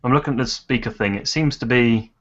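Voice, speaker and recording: A man guest in a casual chat, laid-back and quick to laugh. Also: mid-range voice, a bit bright. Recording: dull lo-fi audio.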